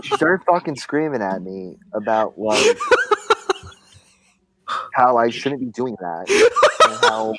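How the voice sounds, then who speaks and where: A man's voice: mid-range voice, noisy background. A young man telling a story casually as a podcast co-host, rambling and swearing, with "like" and "man" in nearly every phrase. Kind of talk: casual profane chat.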